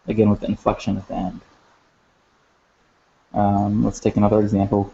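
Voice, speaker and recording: Man, teacher, recorded lesson, halting delivery with fillers, gravelly, dark tone. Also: on the low side, completely flat delivery. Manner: halting, many fillers and restarts. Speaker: language teacher. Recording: dull lo-fi sound.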